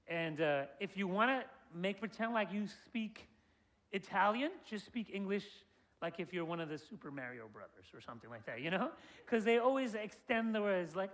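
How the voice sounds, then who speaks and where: A man's voice: high-pitched, big pitch swings, fairly quick. A man guiding a group through an interactive presentation about an upcoming tour. He keeps asking the audience questions and praising their answers. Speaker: tour guide presenting a trip.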